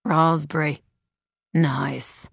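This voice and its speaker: A woman voicing a wealthy, predatory man who speaks in a slow, low, smug drawl in an audiobook. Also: fairly even intonation, vocal fry, husky, no echo, studio quality, full character voice. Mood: smug, leering. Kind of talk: audiobook character voice.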